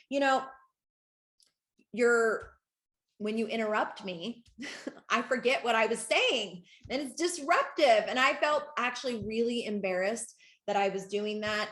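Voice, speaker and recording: Woman host of a coaching call, excitable and chatty, slightly high voice, echoey room. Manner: excitable, laughing, talks to the audience directly. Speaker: network marketing coach. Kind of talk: live group coaching call.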